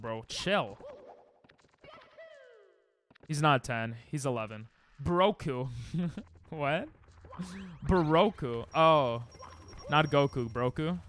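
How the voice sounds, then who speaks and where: A man's voice: a little high, expressive, slow, fairly bright tone, a little hiss or hum. A young man streaming a game live at home into a desk mic, joking crudely and sarcastically with chat and snapping at the game in frustrated outbursts.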